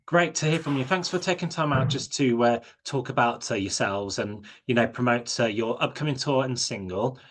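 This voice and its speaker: A man's voice: medium pitch, normal speed, few pauses. A man hosting a radio interview, asking questions hesitantly with lots of filler words. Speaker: radio show host.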